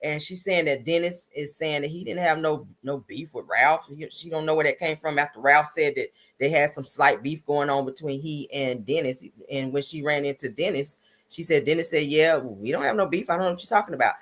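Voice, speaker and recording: Low-voiced woman recapping gossip. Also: a little fast. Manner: conversational, recaps and explains. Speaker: commentary channel host. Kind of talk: casual commentary on a reaction video.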